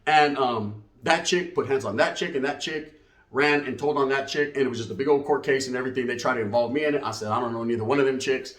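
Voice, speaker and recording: A man's voice: mid-range voice, fast talker, a bit bright. A middle-aged man, telling a comic story in streetwise slang and tagging lines with "right?". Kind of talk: comedic storytelling. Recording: roomy echo.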